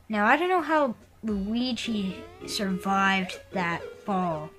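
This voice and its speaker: A woman giving casual commentary on a video game, rambling and halting with lots of fillers. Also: mid-range voice, expressive, a bit bright, soft background music, rough recording. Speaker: let's player.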